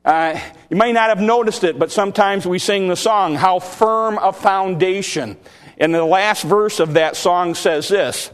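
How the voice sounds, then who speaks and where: Man, preacher, high voice, earnest sermon, halting restarts, long church reverb.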